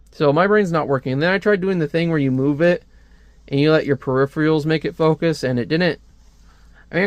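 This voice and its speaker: A man's voice: a little high, dry recording. Jokey young man reviewing comics, dry mic. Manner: jokey, sarcastic, breaks into silly put-on voices. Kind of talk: casual comic review with read-aloud voices.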